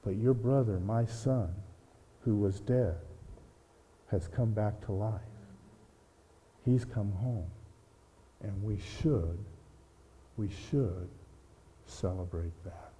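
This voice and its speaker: A man voicing a loving older father who speaks quietly and gently to his son. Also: medium pitch, unhurried, a little hiss or hum, close to an everyday voice. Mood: tender. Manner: gentle and quiet, then commanding. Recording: long church reverb.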